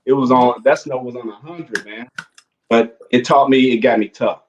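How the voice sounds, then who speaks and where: A man's voice: mid-range voice, normal speed, darkish tone, muffled recording, slight background noise. A man hosting a casual chat, telling earnest motivational stories. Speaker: podcast host.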